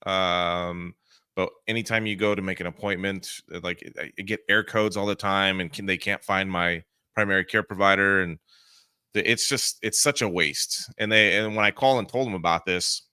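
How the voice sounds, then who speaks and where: A man's voice: deep voice, fairly even intonation, normal speed, sharp tone, smooth, dry recording, clean studio sound. A man co-hosting a casual veterans' podcast who tells stories in a profane, ranting way. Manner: profane storytelling with ranting asides. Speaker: podcast co-host. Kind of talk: casual chat.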